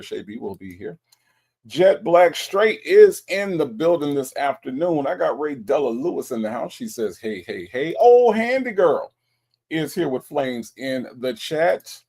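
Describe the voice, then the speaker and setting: A man's voice: mid-range voice, creaky, a little mellow, slightly rough. A man hosting a casual livestream and reading out viewer greetings in a chatty way. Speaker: livestream host.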